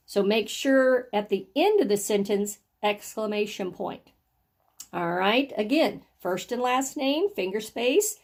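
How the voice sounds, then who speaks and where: In a mid-range voice, a woman encourages small children as she teaches them phonics and handwriting, carefully sounding out each word at a slow pace.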